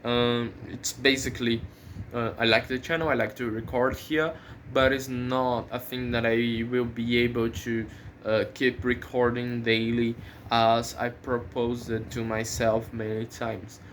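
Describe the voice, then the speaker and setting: A man who is not a native English speaker talks unhurriedly to his own channel in a casual vlog. He pauses often and restarts his sentences as he thinks aloud. Faint background noise sits under the recording. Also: mid-range voice, little pitch movement, a bit bright. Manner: hesitant, many fillers and restarts, thinking aloud. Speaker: channel host.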